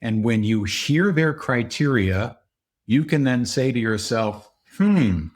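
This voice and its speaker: A middle-aged man who is a guest on a podcast interview, explaining his ideas and often acting out quoted dialogue in a higher voice. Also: unhurried. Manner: explanatory, acts out quoted dialogue with raised pitch. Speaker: podcast guest, leadership consultant. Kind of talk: conversational interview.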